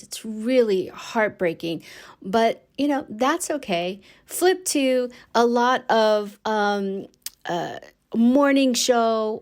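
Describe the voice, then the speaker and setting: A woman hosting a casual podcast, chatty and rambling, with many fillers and restarts and easy laughs. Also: mid-range voice. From United States. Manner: laughs easily. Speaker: podcast host. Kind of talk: casual solo podcast chat.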